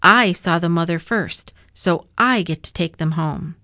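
A woman reading aloud voices a stubborn, earnest young boy who gets excited and quick to argue. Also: lowish voice, no echo, clean studio sound. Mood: insistent.

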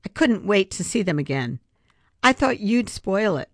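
A woman's voice: mid-range voice, big pitch swings, normal speed, no room sound, studio quality, voice pushed up. A woman reading aloud, voicing a jealous, teasing young girl in a raised, childlike voice. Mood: sheepish.

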